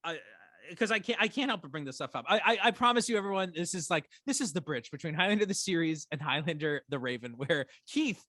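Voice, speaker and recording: With a slightly high voice and a quick pace, this podcast co-host launches into animated rants on a laid-back rewatch show, cursing constantly. There's no room sound on the recording.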